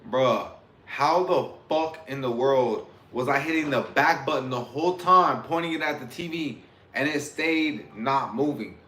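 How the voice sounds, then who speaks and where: A man's voice: mid-range voice, unhurried. Profane rambling livestreamer man. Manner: profane, rambling, breaks into freestyle rapping. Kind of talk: casual livestream chat and freestyle rap. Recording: roomy sound with loud music.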